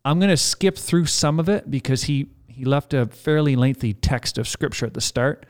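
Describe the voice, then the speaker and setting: A man with a medium-pitched voice speaks at a moderate pace as co-host of a casual Christian podcast. He chats easily and stays relaxed while reading listener feedback and comments aloud.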